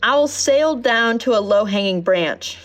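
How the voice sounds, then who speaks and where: A woman narrating a children's storybook in a gentle, measured reading voice. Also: fairly high pitch, animated, faint music behind.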